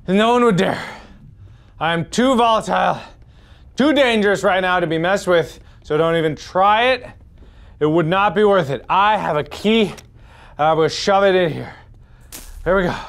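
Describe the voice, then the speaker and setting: A man in his thirties doing chaotic VR game commentary on a headset mic, swinging between loud outbursts and sick, out-of-breath muttering. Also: high voice, gravelly. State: nauseous and out of breath. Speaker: gaming video host.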